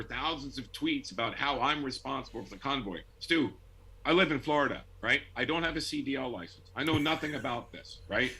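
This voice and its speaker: A middle-aged man from Buffalo, New York, telling a story as a guest in a casual interview, animated and laughing often. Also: mid-range voice, brisk, husky, low-quality recording. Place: home.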